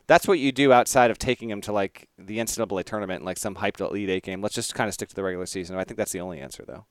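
Playful male co-host, smooth clear voice, dry close-mic sound. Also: fairly low pitch, racing, no room sound. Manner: playful, teasing, laughs easily. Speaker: podcast co-host. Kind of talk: casual sports podcast chat.

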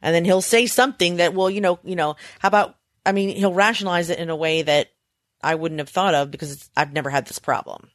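A woman co-hosting a podcast in casual chat, telling stories animatedly and acting out a panicked child in high squeals. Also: fast, dry recording, clean studio sound. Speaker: podcast co-host.

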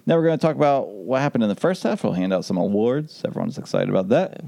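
A man's voice: medium pitch, animated, fast talker, vocal fry, mellow. A man hosting a casual sports podcast, upbeat and joking as he leads the talk. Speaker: podcast host.

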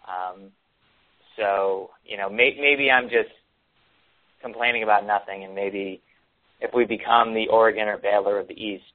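A man's voice: on the low side, steady tone, normal speed, long pauses. A man co-hosting a casual sports talk show, rambling with many ums and restarts. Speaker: podcast co-host. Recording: tinny phone-like sound.

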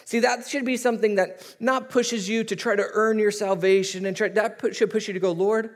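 A man's voice: sits high, fairly quick. A man in his thirties preaching a sermon as a pastor, telling stories and acting out voices. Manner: animated storytelling, acting out voices.

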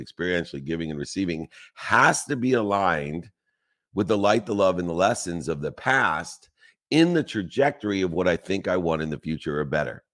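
A man giving a motivational talk, speaking with emphatic rhetorical questions and long repetitive lists. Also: sits low.

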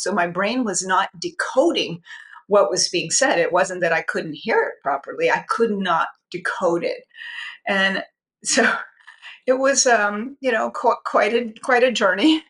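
A woman's voice: mid-range voice, unhurried, fairly bright tone. A woman in her sixties, a psychiatrist guest on a podcast interview, telling her own story candidly and earnestly. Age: 60s. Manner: candid, earnest, with light laughs.

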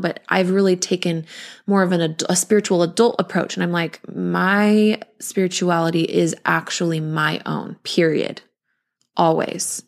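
A woman's voice: lowish voice, vocal fry. A woman in her thirties hosting a podcast, sharing personal struggles in a candid, rambling way. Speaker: podcast host.

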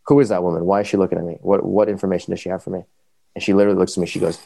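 Male podcast guest, deep rough voice, rapid casual storytelling, dry close sound. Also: no room sound. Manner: animated, quick, full of fillers.

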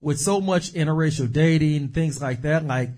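A man's voice: fairly high pitch, moderate pace, darkish tone. A man co-hosting a casual chat, rambling with lots of fillers and digressions. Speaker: podcast co-host.

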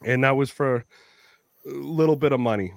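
A Canadian man telling profane, animated stories while hosting a casual chat. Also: medium pitch, moderate pace, creaky, dry recording. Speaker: podcast host.

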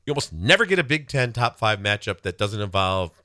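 Guy co-hosting a talk show, bright tone, dry close sound, chatty about sports. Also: very animated, a little fast, no room sound. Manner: chatty, jumps to high quoted voices. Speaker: co-host. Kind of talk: casual chat about sports and media.

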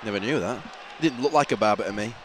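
A man co-hosting a football podcast, excitable and chatty. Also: lowish voice, crowd noise. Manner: excitable, quick to shout at play. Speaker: podcast co-host. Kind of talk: casual football podcast chat.

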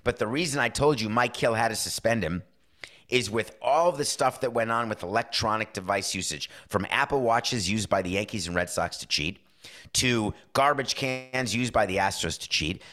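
A man's voice: medium pitch, normal speed, sharp tone. A man hosting a talk show, speaking in a wry, conversational way and briefly acting out quoted exchanges. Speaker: podcast host. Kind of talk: casual sports talk monologue.

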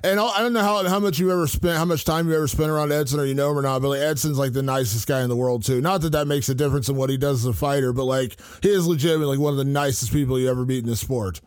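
A man co-hosting a casual podcast chat, talking in an animated way and filling his speech with "like". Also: medium pitch, racing, few pauses, clean tone, no room sound, clean studio sound. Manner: chatty, animated, heavy use of "like". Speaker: co-host, reporter.

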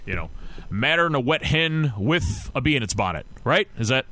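A man's voice: medium pitch, lively intonation, normal speed, noisy background. A man hosting a podcast, ranting casually and with frustration about his football team, rambling and restarting his sentences often. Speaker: podcast host. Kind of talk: casual sports rant.

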